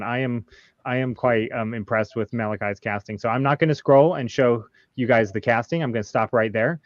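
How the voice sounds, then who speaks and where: A man hosting a casual panel chat, halting with many ums and nervous laughs. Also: mid-range voice, no echo, dull audio. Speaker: podcast host.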